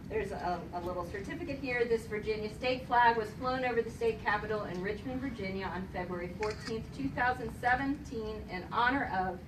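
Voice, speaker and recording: A woman's voice: mid-range voice, brisk. A woman presenting a flag and certificate at a retirement ceremony, reading formally with light laughter. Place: large hall at a retirement celebration. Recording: echoey hall from far off, crowd noise. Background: audience chatter.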